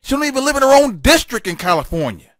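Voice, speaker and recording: A man's voice: very high-pitched, sing-song, quick pace, no echo, clean studio sound. A man hosting a political talk show, delivering a fiery, emphatic solo monologue full of repetition and stammered restarts.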